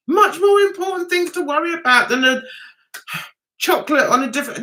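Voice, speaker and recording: Older lady rambling on her livestream, bright voice, bounces up and down a lot. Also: high voice, sing-song, unhurried. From England. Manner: chatty, giggly, rambling. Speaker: livestream host. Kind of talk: casual livestream chat.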